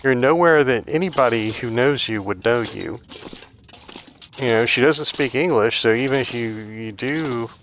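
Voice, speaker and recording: Over slight background noise, this man speaks at normal speed in a mid-range, fairly bright voice. Hosting a gaming video, he tells a meandering, chatty story as he plays, leaning heavily on "like."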